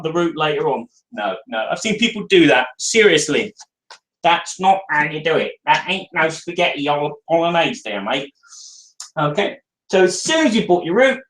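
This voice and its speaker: Chatty board game reviewer, echoey. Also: medium pitch. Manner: chatty and jokey, talking to viewers while demonstrating. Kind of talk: casual live game review.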